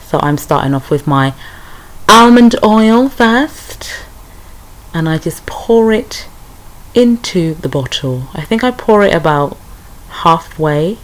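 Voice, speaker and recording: A woman's voice: deep voice, low-quality recording. A young British woman chatting through a hair care tutorial, talking straight to her viewers. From United Kingdom. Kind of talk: casual tutorial.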